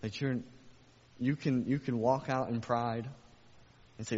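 A man's voice: medium pitch, fairly even intonation, a little slow, pauses often, darkish tone, slightly rough. A man preaching a sermon as a pastor, emphatic, with repeated phrases and rhetorical questions. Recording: echoey hall, dull lo-fi sound.

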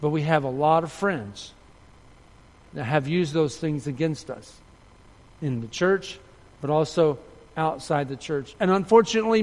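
Man, pastor preaching, earnest, somewhat high voice, long hall reverb. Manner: earnest preaching, voice rising for story and dropping soft for appeals. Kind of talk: sermon.

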